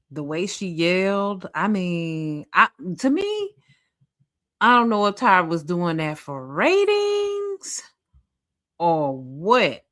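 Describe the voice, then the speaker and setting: A woman commentator speaks at an unhurried pace, animated and full of exclamations. Her voice is dry and close to the mic, and she addresses her viewers directly in casual reaction chat. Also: fairly low pitch, no echo.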